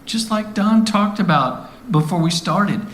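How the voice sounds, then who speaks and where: A man's voice: sits high, a little slow, a bit bright, roomy sound. A man giving earnest, conversational Bible teaching, often asking the listeners questions. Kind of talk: sermon-style Bible teaching.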